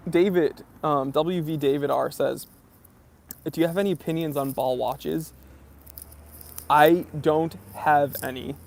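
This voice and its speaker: A man's voice: fairly high pitch, fairly even intonation, unhurried, vocal fry, pauses often. A young American man hosting a watch channel livestream, casually chatting and answering viewer comments in a laid-back, bro-ish way. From United States.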